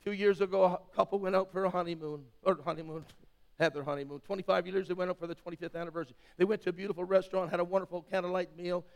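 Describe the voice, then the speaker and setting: A pastor in his sixties preaching an impassioned sermon, swinging from loud to hushed. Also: high-pitched, steady tone, very fast, creaky. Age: 60s. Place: church sanctuary. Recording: long hall reverb.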